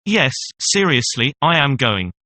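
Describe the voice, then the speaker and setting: A doting cashier of fifty who pleads with his mistress, as a man reads him. His tone is bright and earnest. It is an audiobook telling of an old tale. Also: mid-range voice, very animated, measured pace, dry recording. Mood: pleading. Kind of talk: audiobook reading.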